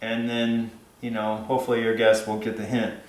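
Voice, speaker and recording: A man's voice: fairly low pitch, monotone, normal speed, roomy sound, low-quality recording. A man giving dog-training advice in a casual, rambling way, with many fillers and restarts.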